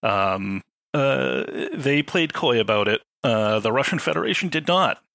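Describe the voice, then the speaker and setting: A man with a crisp, bright voice and a gravelly undertone. He explains things at a measured pace in a casual podcast discussion. His dry humor comes through now and then, and the recording sounds dry and close to the mic. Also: medium pitch, animated, no echo. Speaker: podcast panelist.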